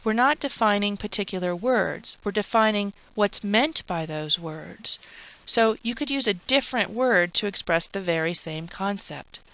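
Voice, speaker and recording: A woman giving a recorded philosophy lecture, explaining patiently with informal asides. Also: medium pitch. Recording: dull, dry lo-fi recording.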